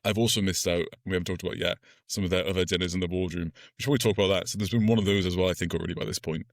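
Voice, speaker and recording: A man with a fairly low voice co-hosts a film podcast, talking through scenes in a loose, enthusiastic way and laughing often. His voice sits close and dry on the microphone, with no room sound. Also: steady tone, racing, gravelly, no echo. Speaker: podcast co-host. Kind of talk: casual film review chat.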